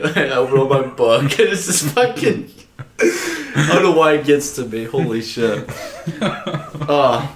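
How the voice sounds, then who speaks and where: A man's voice: a little high, unhurried, a crowd in the background. Young man telling stories, echoey room. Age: young adult. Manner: animated storytelling, swears a lot, laughs often. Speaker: podcast co-host. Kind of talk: casual chat. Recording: echoey room with faint noise.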